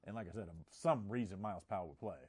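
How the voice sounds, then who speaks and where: Fast-talking low-voiced betting analyst man. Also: breathy edge. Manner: fast, restarts words. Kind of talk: casual sports betting chat.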